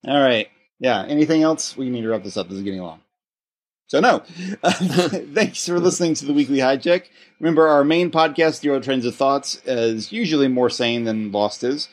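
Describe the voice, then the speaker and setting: A man's voice: medium pitch, normal speed. Casting: male podcast host, casual and rambling, mid-range voice. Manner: rambling, many restarts and fillers. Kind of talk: casual chat.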